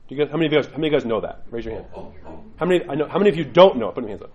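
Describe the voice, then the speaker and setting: A middle-aged man giving a lively, conversational church talk, acting out quotes in different voices. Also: mid-range voice, rapid-fire, breathy edge, muffled recording. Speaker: church teacher. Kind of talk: sermon-style class talk.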